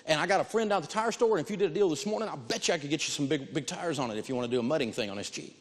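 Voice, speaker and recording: A man retelling a pushy male car salesman's eager pitch as he piles on offers. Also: expressive, very fast, long reverb tail. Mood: coaxing.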